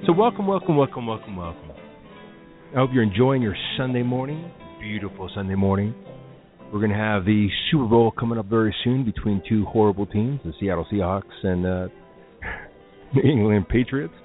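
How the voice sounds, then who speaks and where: Speaking at normal speed in a lowish voice, a man hosts a film podcast as casual solo radio talk, offering strong opinions and drifting into asides. The recording sounds thin and lo-fi, like a phone line, with faint music.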